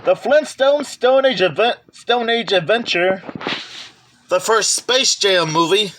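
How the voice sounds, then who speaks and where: A man with a high, bright voice talks slowly through his collection at home. He names item after item in an unhurried, chatty way, often stopping to correct himself and add a side remark. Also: a little hiss or hum. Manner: slow, chatty listing with self-corrections and asides. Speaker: collector vlogger. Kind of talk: casual show-and-tell of a collection.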